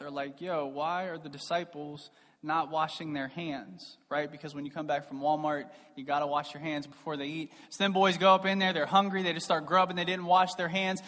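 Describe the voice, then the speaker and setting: Emphatic preacher man, reverberant hall. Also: a little high. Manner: emphatic, rhetorical, shifting between loud stress and soft asides. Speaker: pastor. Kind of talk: sermon. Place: church sanctuary. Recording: long reverb of a large hall.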